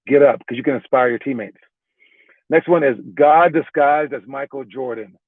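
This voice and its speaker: A man's voice: mid-range voice, moderate pace, no room sound. A man working as a basketball trainer, casually explaining drills with loose, talky delivery, frequent restarts and repeated "all right"s. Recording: tinny phone-like dry sound.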